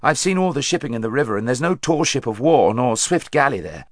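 A man voicing a steady, confident young king in a storybook reading. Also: mid-range voice, brisk, no room sound, clean studio sound, close to an everyday voice.

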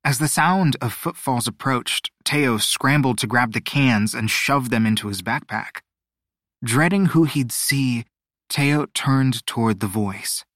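A man narrating a storybook audiobook, expressive and measured. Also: mid-range voice, dry recording, studio quality. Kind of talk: scripted narration.

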